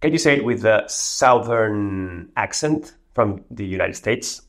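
A man's voice: lowish voice, animated, a little slow, gravelly, fairly bright tone. A man hosting a tech video, casually walking through a demo and giving spoken prompts to an AI assistant. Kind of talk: casual screen demo narration.

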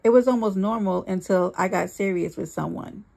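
A woman reading a first-person story aloud, earnest and emphatic, slowing down on key lines. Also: mid-range voice, creaky, darkish tone. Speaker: reader.

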